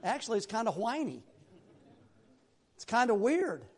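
A man's voice: very high-pitched, sing-song, normal speed, darkish tone, husky. A man preaching a sermon in a conversational, folksy way, asking his listeners rhetorical questions.

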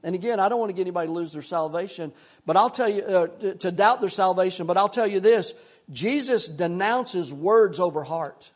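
An older male pastor preaching a sermon in a repetitive, impassioned cadence that drops into hushed, folksy storytelling. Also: high voice, fairly quick.

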